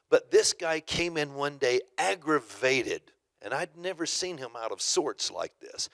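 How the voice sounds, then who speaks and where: A man's voice: mid-range voice, a bit bright, dry recording. Storytelling male pastor, dry close sound. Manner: storytelling, emphatic, acts out quotes. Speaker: conference speaker, pastor. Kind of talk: sermon-style teaching. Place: church auditorium.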